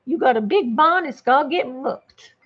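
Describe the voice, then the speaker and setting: A woman's voice: high-pitched, lively intonation, moderate pace, lo-fi sound. A woman voicing a dignified, bossy old Southern grandma with a put-on Southern drawl and a sassy, mock-indignant manner. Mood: folksy.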